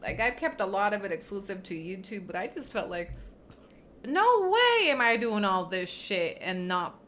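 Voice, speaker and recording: A woman's voice: mid-range voice, big pitch swings, moderate pace, fairly bright tone. A woman livestreaming in casual chat, blunt and profane, teasing and laughing often, slipping into Spanish phrases.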